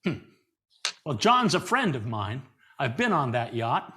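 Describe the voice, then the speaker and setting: A man voicing a gruff older male magic shop owner inside his own story. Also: mid-range voice, sing-song, a little slow, sharp tone. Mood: teasing.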